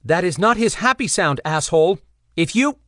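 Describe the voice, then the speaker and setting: A man's voice: sits high, expressive, normal speed, a bit bright, dry recording, clean studio sound, pitched above the performer's own voice. A man voicing a fierce, protective young woman who calls out in urgent, commanding bursts in an audiobook. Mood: furious.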